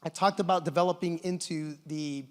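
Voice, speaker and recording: A middle-aged man giving a conference talk with enthusiastic, animated storytelling, recorded in a large conference hall. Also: on the high side, a little fast. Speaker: conference presenter.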